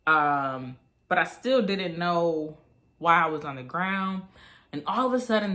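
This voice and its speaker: A woman in her thirties telling a personal story in a chatty, animated vlog style. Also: on the low side, measured pace. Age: 30s. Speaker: vlogger.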